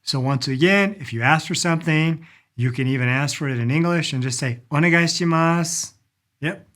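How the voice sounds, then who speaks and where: A middle-aged man giving a casual spoken language lesson, lively, acting out polite phrases as he goes. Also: medium pitch, brisk. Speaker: language teacher.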